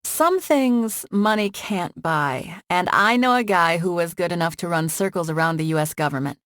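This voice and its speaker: A woman voicing a sharp, practical young heroine in an audiobook, speaking dry and matter-of-fact. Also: on the low side, expressive, normal speed, no echo.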